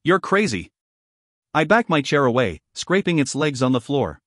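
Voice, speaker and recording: Male audiobook narrator, first-person story, lively pitch, dry close sound, slightly high voice. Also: moderate pace, dry recording.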